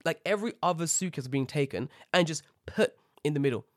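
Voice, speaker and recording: A man telling an animated, heavily sworn rant about an airport in a casual chat, acting out the people he met. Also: on the high side, a little fast, no room sound, clean studio sound. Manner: animated ranting, swears a lot, acts out people.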